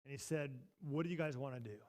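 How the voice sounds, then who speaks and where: A man preaching a sermon as pastor, telling a story in a lively way that jumps from loud bursts to hushed asides. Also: medium pitch, fast talker. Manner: animated, swings from loud to hushed. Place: church sanctuary.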